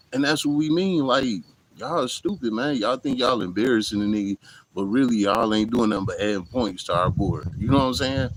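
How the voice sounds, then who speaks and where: A male vlogger, outdoors in hot weather, talks to camera in a casual, blunt, profane monologue, regularly saying "you know what I'm saying." His voice is medium-pitched, with background noise in the recording.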